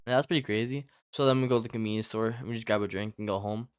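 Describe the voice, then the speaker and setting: Young male storyteller, talks fast and loose with constant fillers and cursing. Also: on the low side, fairly even intonation. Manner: rambling, heavy filler "like", lots of swearing. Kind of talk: casual storytime chat.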